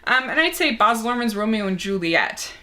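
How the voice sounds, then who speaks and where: A woman's voice: fairly high pitch, very animated, normal speed, bright, forceful tone. A young woman reviewing movies, chatting casually and enthusiastically as she answers a movie tag.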